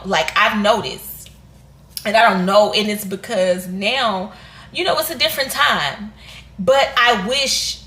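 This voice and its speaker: A woman's voice: medium pitch, pushed and bright. A woman, talking candidly in a sit-down reflective vlog, rambling and restarting as she goes. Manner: candid and rambling, with restarts and Southern US American slang. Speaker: vlogger. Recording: echoey room.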